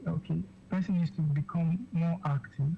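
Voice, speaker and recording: A physician with a Nigerian English accent, a guest on a radio interview, explaining slowly with many fillers, okays and repeated words. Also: medium pitch, fairly even intonation, vocal fry. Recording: dull lo-fi radio sound with faint noise.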